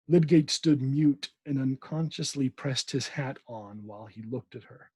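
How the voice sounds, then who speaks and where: Male podcast host reading a classic novel aloud, husky, dark voice, dry sound, trips over names and corrects himself. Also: mid-range voice, a little slow, few pauses, no room sound.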